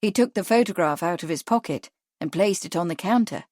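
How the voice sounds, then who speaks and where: Calm woman reading a mystery novel. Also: lowish voice, fairly quick, no room sound, studio quality. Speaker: audiobook narrator. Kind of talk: scripted narration.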